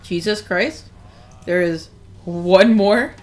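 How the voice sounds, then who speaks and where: A woman's voice: mid-range voice, takes it slowly, a little mellow, soft background music. A woman hosting and commentating a tournament in casual chat, laughing often and chatting while she eats. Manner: giggly, laughs often, chats while eating.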